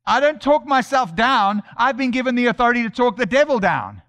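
A man's voice: very high-pitched, sing-song, brisk, a bit bright. A man preaching a sermon in a church, emphatic and repetitive, building his points line by line.

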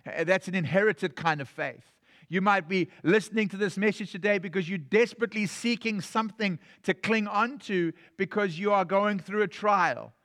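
A man's voice: sits high, normal speed, a bit bright. A man from South Africa with a South African accent, a pastor preaching a sermon in a conversational way, telling stories and often restarting his sentences.

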